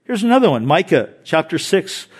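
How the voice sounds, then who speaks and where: A man's voice: sits high, moderate pace, breathy edge. A middle-aged male pastor preaching a sermon, mixing scripture readings with humorous stories. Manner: animated storytelling with jokes and scripture reading.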